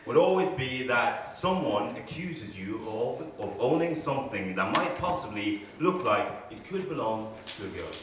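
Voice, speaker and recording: A man tells a rowdy comic story on stage, swearing freely and acting out each scene. His voice swoops up and down with energy. He is heard from far off in a very echoey hall with clear live noise. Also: medium pitch, very animated, normal speed, few pauses. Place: stage before a live audience.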